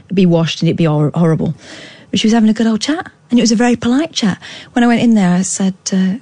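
A woman's voice: medium pitch, quick pace, warm tone, dry recording. A woman in her thirties with a British accent, hosting a late-night radio phone-in and telling stories in a jokey, chatty way. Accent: British English. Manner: chatty and jokey, storytelling with playful asides. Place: radio studio. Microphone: studio microphone.

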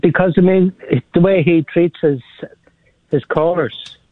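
A man phones in to a radio show over a thin, tinny line with no room sound. He speaks haltingly, giggling nervously between blunt jabs. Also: sits high, no echo. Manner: hesitant, giggly, blunt criticism. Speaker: caller. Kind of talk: phone-in call. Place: in bed.

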